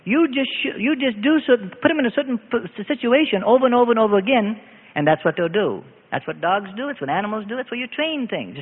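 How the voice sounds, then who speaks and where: An older man preaching a sermon as pastor, swinging from low, quiet asides up to loud, emphatic declarations. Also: sing-song, fast. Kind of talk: evening sermon. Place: church hall. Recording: echoey hall, thin phone-like sound.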